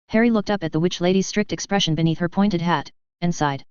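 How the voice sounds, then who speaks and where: Very clear, steady audiobook narrator. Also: mid-range voice, quick pace, few pauses, no room sound. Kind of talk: audiobook narration of fan fiction. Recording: dry, slightly dull audio.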